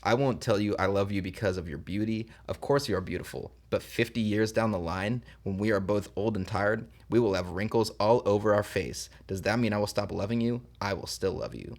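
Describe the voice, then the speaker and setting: A man's voice: lowish voice, fairly quick, few pauses, a little mellow, lightly acted. A man reading the part of a charming young man who proposes to his girlfriend, in a script table read. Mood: tender. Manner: earnest, tender romantic delivery.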